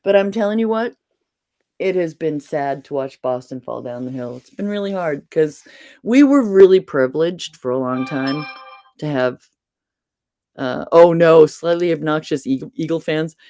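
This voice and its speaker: A woman's voice: sits low, moderate pace, dry recording. A middle-aged woman from New England hosting a casual video-call chat, telling stories animatedly and laughing often. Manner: chatty, animated storyteller who laughs often.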